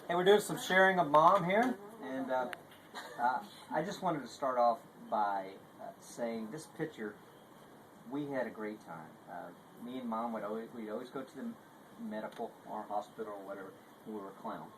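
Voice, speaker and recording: Brief: man, mid pitch, memorial tribute, halting and tender, noisy home-video sound. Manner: halting, joking then tender, many restarts. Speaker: mourner sharing memories. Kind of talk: spoken remembrance at a memorial. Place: memorial service gathering. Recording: noisy, low-level home video recording.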